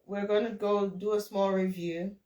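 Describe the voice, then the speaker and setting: A woman's voice: medium pitch, level tone, moderate pace, dark tone, echoey room. A woman teaching French over a video call, correcting and encouraging her student. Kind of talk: online tutoring session.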